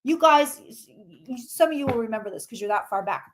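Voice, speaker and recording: A woman reading tarot cards on a casual livestream, chatty and excitable, greeting viewers by name and swearing mildly. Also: a little high, moderate pace, hardly any pauses, slight background noise.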